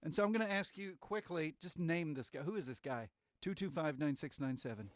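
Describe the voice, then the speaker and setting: Lively high-voiced male radio host. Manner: jokey, quick quiz prompts. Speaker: radio morning show host. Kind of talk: casual radio chat.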